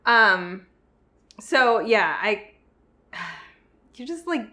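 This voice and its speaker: A woman's voice: mid-range voice, big pitch swings, very slow, bright, forceful tone. A woman from the northern United States co-hosting a podcast, talking frankly about a movie with many fillers and restarts. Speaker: podcast co-host. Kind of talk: casual film discussion.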